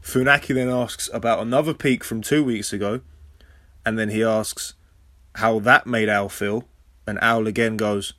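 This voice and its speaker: An English man hosting a casual podcast recap, sarcastic and swearing freely, with sudden loud high outbursts. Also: fairly even intonation, normal speed, dry recording. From England. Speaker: podcast host.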